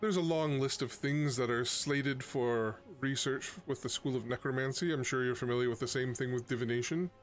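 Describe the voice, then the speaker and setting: A cagey head of necromancy at a school of magic, voiced by a man, nervous and evasive. She stammers and hesitates, picking words with care. The voice sits at an ordinary middle pitch, with faint music behind. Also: normal speed, hardly any pauses, close to an everyday voice. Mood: guarded.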